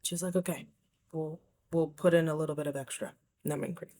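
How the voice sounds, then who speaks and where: A woman's voice: sits low, fairly even intonation, fairly quick, warm tone. A woman vlogger telling a personal story to camera in a candid, reflective way, often dropping to a near whisper.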